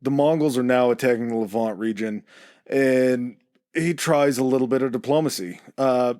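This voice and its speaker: Brief: man, mid-pitched, dry close mic, easygoing history storyteller who hedges. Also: normal speed, no echo. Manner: relaxed, hedging, with fillers. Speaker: podcast co-host telling the history.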